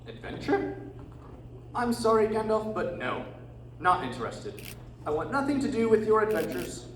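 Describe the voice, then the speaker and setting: A man's voice: sits high, big pitch swings, normal speed. A man reading the part of a fussy, polite male hobbit who prefers staying home, in a readers theatre performance. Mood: prim refusal. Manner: politely refusing, prim. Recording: echoey room, distant mic, faint hiss.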